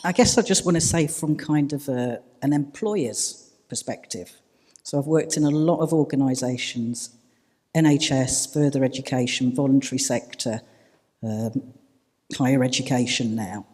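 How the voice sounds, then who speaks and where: A man's voice: mid-range voice, moderate pace, a little mellow. A man speaking thoughtfully on a panel in an event hall. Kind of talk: reflective panel talk. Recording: reverberant hall.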